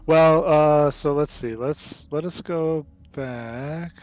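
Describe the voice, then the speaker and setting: Slow, halting man running a tabletop game. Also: a little high, a little mellow, no echo. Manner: halting, many fillers. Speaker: game master.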